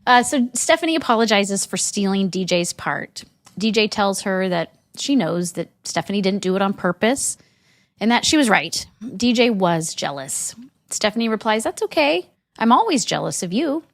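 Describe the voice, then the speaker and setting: A woman's voice: mid-range voice, normal speed, no room sound, clean studio sound. Enthusiastic woman podcast co-host. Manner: animated, enthusiastic storytelling. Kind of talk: casual chat, recapping episode.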